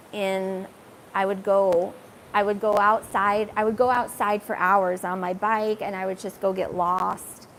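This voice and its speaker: An adult woman telling a personal story in a rambling, halting way, full of fillers and restarts. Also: mid-range voice, a little hiss or hum.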